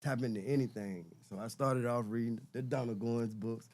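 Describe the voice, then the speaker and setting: A man's voice: medium pitch, fairly even intonation, normal speed, a little mellow. A middle-aged man and podcast guest talking casually and reflectively, often repeating words as he searches for them. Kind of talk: casual conversation.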